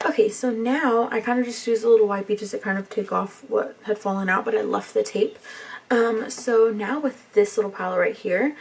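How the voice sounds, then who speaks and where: A young woman, talking softly through a makeup tutorial in a rambling, near-whispered way. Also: medium pitch, gravelly, breathy edge, distant mic. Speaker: beauty vlogger.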